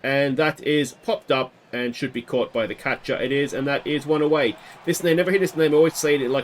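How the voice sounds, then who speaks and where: A man giving casual play-by-play commentary on a baseball video game he is playing, with bursts of excitement on big hits. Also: medium pitch. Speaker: gaming video host.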